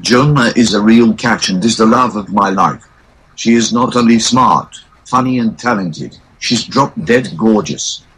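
Flat synthetic British male computer voice. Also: lowish voice, unhurried, slight background noise, rough recording. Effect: text-to-speech voice. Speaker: interview guest. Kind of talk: computer voice answering questions.

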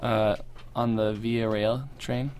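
A man from Canada, a guest musician chatting casually in a radio studio, relaxed and easygoing with lots of fillers. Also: medium pitch, slow pace, a little hiss or hum. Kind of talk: casual interview chat.

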